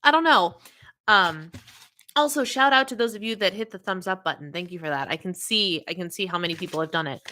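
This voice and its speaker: Bright chatty woman hosting a livestream. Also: lowish voice, fairly quick. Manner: chatty, greets viewers by name, frequent laughs. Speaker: livestream host. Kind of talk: casual livestream chat.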